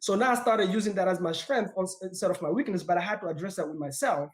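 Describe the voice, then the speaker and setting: Fast-talking man with a foreign accent. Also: high voice. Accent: non-native English accent. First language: not English; speaks four languages. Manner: energetic, emphatic, repeats words when excited. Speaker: podcast guest. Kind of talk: casual podcast conversation.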